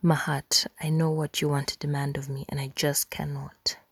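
A woman voicing a proud young huntress in a whispered role-play, soft but firm. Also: low-pitched, flat delivery, moderate pace, gravelly, husky, no echo, clean studio sound, heavily acted.

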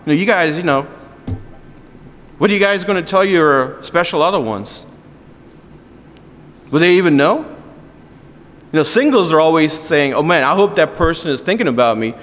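Male pastor, earnest conversational sermon, high voice, hall reverb. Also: animated, normal speed, long pauses, a bit bright. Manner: earnest, with asides and jokes to the congregation.

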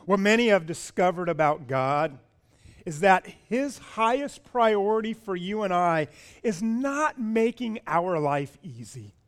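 A man with a high-pitched voice delivers a sermon as pastor. He is animated and keeps turning questions on his listeners, often repeating words as he goes. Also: a little slow.

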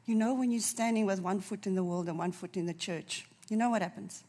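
A woman preaching a sermon, fervent and emotional, dropping to a soft near-whisper at tender moments. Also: mid-range voice, brisk.

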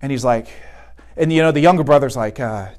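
A man's voice: on the high side, fast talker, a little mellow. A man giving a conversational sermon at a retreat, often checking in with "right?". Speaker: retreat speaker. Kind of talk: sermon talk.

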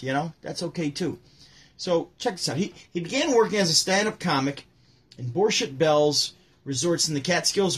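A man hosting a daily show, chatting casually and telling stories in a rambling, animated way with many restarts. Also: on the high side, breathy edge. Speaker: host. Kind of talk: casual chat.

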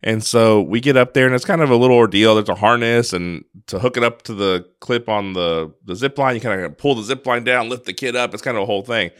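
A man's voice: fairly low pitch, fairly quick, few pauses, fairly bright tone, clean tone, dry recording, studio quality. A man co-hosting a podcast, telling a personal story in an earnest, casual way, often restarting his sentences. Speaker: podcast co-host.

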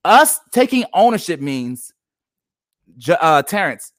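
A man's voice: high-pitched, very animated, slow, no room sound, clean studio sound. A man in his thirties co-hosting a casual faith discussion, emphatic and preachy. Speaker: podcast co-host.

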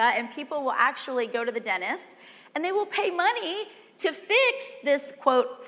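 Animated woman preacher in a reverberant hall. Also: sits high. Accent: Southern American. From Southern United States. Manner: animated, conversational, asks the audience questions. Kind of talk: sermon.

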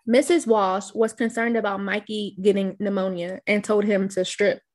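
A woman's voice: medium pitch, steady tone, normal speed, a little mellow. Giggly woman recapping scenes. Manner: narrates scene rundown, giggles often. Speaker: podcast co-host. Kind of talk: casual chat recapping a film.

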